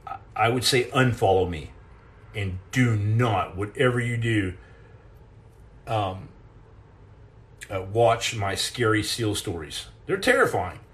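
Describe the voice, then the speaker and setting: A man, a former Navy SEAL, hosting a live stream and telling comic stories in an animated, self-mocking way. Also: fairly low pitch.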